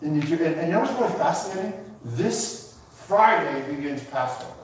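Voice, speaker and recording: A man's voice: fairly high pitch, lively intonation, normal speed, slight background noise. A man preaching a sermon with emotion, repeating and building his points with emphasis. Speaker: pastor. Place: church sanctuary. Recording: echoey hall from far off.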